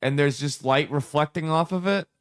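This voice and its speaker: A man's voice: fairly high pitch, moderate pace, no room sound, studio quality. A man co-hosting a casual podcast chat, skeptical and teasing, with lots of filler words. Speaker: podcast co-host.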